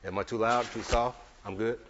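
A male preacher delivering a sermon. He swings between emphatic, shouted declarations and relaxed, chatty storytelling. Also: lowish voice, fairly quick, a little hiss or hum. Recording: reverberant hall, dull lo-fi sound.

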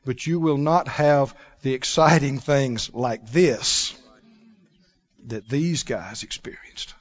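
A man preaching a sermon, emphatic and animated, often breaking into laughter. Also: medium pitch, slow pace. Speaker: pastor. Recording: dull lo-fi recording.

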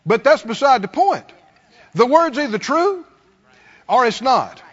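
In a church sanctuary, a pastor preaches a sermon, calling out to the congregation and acting out complaining voices. His voice is extremely high-pitched, very animated, a bit bright and measured in pace, captured with a dull sound and long hall reverb.

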